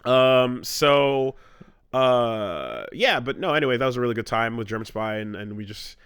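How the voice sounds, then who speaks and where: A man's voice: mid-range voice, lively intonation, normal speed, fairly bright tone, smooth, no echo, clean studio sound. A Canadian man in his thirties co-hosting a podcast in casual chat, rambling with restarts and frequent swearing. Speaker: podcast co-host.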